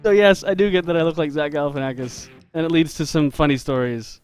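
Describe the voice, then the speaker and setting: A man telling a story in a relaxed, chatty way, laughing often as he draws live on a stream for his viewers. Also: a little high, quick pace, smooth, faint music behind. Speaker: game developer and artist streaming live. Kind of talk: casual storytelling while drawing on a live stream.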